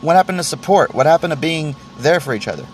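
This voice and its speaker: A man's voice: fairly high pitch, lively intonation, fast talker, a little hiss or hum. A man hosting a solo podcast, venting in a rambling way, stammering through restarts and swearing freely. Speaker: podcast host.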